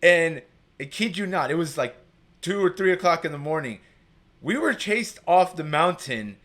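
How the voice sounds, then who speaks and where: A man's voice: on the high side, lively intonation, normal speed, a bit bright. A man telling a personal story as a guest, rambling and packing his talk with filler words. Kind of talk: casual storytelling.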